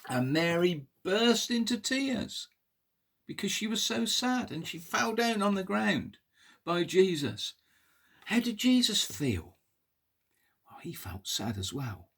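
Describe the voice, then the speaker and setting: A man telling a Bible story to toddlers in an animated, sing-song way, coaxing the children to pull faces. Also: sits high, slow, creaky, breathy edge.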